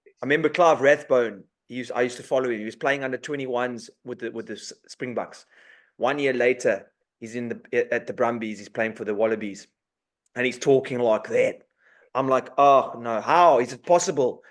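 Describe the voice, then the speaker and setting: A man's voice: medium pitch, steady tone, moderate pace. A South African man from the Eastern Cape, a rugby player, making playful wisecracks as a podcast guest. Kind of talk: casual chat.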